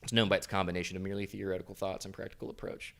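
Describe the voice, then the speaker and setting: A young man with a very low voice co-hosts a podcast. He talks in a loose, rambling, easygoing way and stops now and then to read quotes aloud. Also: flat delivery, rapid-fire, gravelly, fairly bright tone. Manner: laid-back, rambling, reads quotes aloud. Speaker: podcast co-host. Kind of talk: casual podcast chat.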